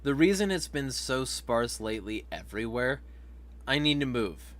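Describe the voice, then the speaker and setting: A man's voice: mid-range voice, big pitch swings, normal speed, a bit bright. Profane, laughing man hosting a livestream. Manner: profane, laughing, reads chat comments aloud. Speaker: vlog host. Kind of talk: casual livestream commentary.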